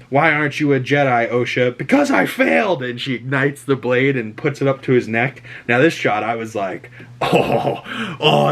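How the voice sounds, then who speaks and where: A man with a Boston accent hosts a casual show recap. He rambles and gets animated, acting out lines from the episode as he goes. His voice sits at an ordinary middle pitch.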